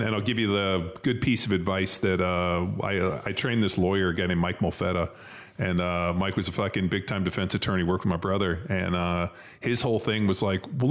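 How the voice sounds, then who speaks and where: Fast, low-voiced profane storyteller man. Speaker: gym coach. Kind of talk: casual interview talk.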